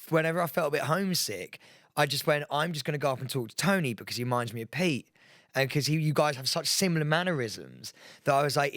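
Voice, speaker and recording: A man's voice: medium pitch, fairly bright tone, no room sound, studio quality. A man co-hosting a podcast, telling stories with lots of energy, laughing and acting out what others said. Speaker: podcast co-host. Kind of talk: excited anecdote telling.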